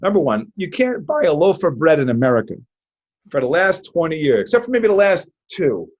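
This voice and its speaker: An excitable high-voiced American man. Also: a little fast, highs cut off. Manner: animated, loud bursts of enthusiasm, laughs often. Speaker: magician guest. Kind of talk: energetic podcast interview.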